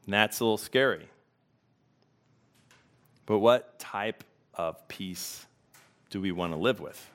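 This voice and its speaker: A man preaching a sermon as pastor, reflective and unhurried, pausing to let questions sink in. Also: on the low side.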